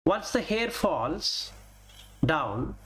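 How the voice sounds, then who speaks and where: A man teaching a Buddhist Dhamma talk deliberately names Pali terms and explains each in plain English with everyday examples. His voice is on the high side, sing-song and a bit bright, with a little hiss or hum in the recording.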